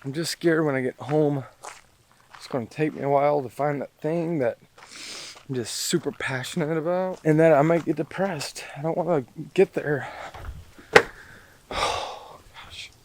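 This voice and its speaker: A man's voice: on the high side, normal speed, a little mellow, a little hiss or hum. A middle-aged man vlogging on his last day at his cabin, choked up and sighing as he talks to himself. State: tearful. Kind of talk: emotional personal vlog.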